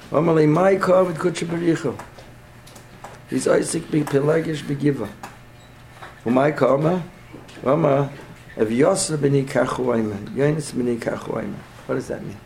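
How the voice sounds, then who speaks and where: Gravelly man teaching a Torah class. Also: a little high, darkish tone, slight background noise, rough recording. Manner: repeats points, checks in with frequent "yeah?"; mixes Hebrew and Yiddish terms into English. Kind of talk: teaching a class, asking and answering questions.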